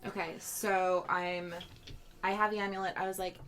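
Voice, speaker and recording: A woman's voice: mid-range voice, flat delivery, moderate pace, fairly bright tone, a little hiss or hum. A woman carefully narrating her moves in a tabletop game. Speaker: player. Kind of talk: casual tabletop play.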